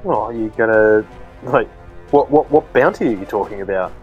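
A man's voice: on the low side, lively intonation, normal speed, narrow, tinny audio, faint music behind. A man playing a tabletop game, talking casually and hesitantly with many fillers. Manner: hesitant, full of uh and um. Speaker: player.

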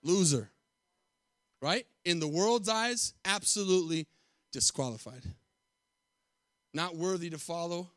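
Pastor, man, high voice, dry close sound; emphatic sermon with repetitive call-outs, hushed to loud. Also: unhurried, long pauses, dry recording.

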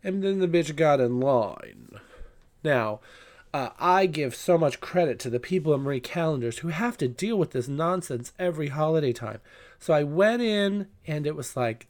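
Chatty, foul-mouthed man with a higher voice. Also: expressive, normal speed, a little mellow. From Southern California. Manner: chatty, gossipy and profane, with many fillers. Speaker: podcast host. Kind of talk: casual storytelling monologue.

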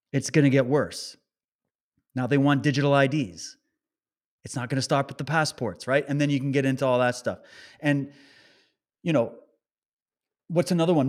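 A man with a medium-pitched, somewhat dark voice rants in an agitated monologue. He fires rapid rhetorical questions at his listeners one after another, speaking emphatically.

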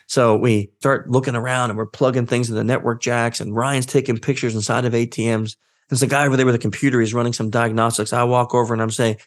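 A man telling a story as a guest in a career interview, acting out the dialogue and jumping up in pitch when he quotes people. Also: quick pace. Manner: animated, acts out quoted dialogue with his voice jumping up. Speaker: guest, social engineer.

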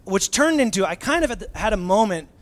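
A man in his thirties with a fairly high voice gives a sermon as a pastor. He tells it like a chatty, self-mocking story, full of fillers and asides. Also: very animated, a little fast.

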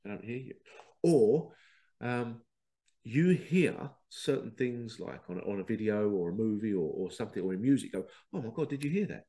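A middle-aged man, talking in a casual, animated podcast monologue, laughing at himself and acting out remembered conversations. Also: medium pitch. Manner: animated, self-laughing, quotes others in dialogue. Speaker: podcast host.

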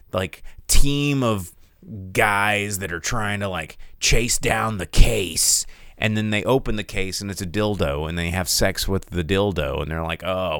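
A man hosting a casual podcast, reviewing a film in a rambling, animated way with crude jokes and many restarts. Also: lowish voice, smooth, no echo, studio quality. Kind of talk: casual chat. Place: studio.

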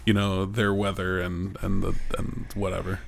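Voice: deep voice, monotone, moderate pace, gravelly, slight background noise. A laid-back podcast co-host chatting casually about a TV show, with dry remarks. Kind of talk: casual chat recapping a TV show.

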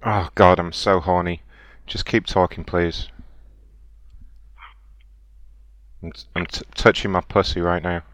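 A man faking a deep-voiced "woman" on a prank call. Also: fairly even intonation, normal speed, fairly bright tone, dry recording. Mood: breathy. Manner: overacted breathy lust, insists he is a woman. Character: fake 25-year-old woman whose voice turns deep and British.

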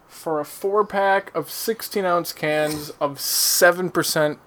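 A man's voice: a little high, slow pace, fairly bright tone. A man co-hosting a casual podcast, talking loosely and bluntly while drinking beer. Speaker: podcast co-host.

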